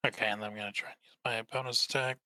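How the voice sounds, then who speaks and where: A man's voice: lowish voice, fairly even intonation, racing, sharp tone, smooth, no echo. A man playing in a tabletop game, easygoing and asking questions about the rules. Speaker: player. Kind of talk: casual tabletop game chat.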